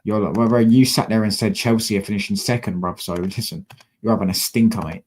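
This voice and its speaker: A man's voice: lowish voice, steady tone, fast talker, darkish tone, husky. A young man, a football fan streamer, frustrated and slangy, swearing as he talks to his chat from a desk mic at home. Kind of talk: live-stream fan rant.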